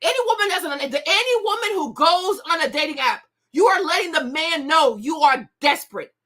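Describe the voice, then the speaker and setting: A woman's voice: sits high, expressive, a little fast, sharp tone. A woman hosting a commentary show, ranting bluntly and scathingly with bursts of laughter. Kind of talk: opinionated commentary rant.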